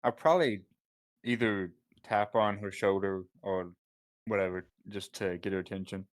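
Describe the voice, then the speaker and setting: Soft-spoken man playing a tabletop game. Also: lowish voice, moderate pace. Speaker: player. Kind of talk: tabletop role-play.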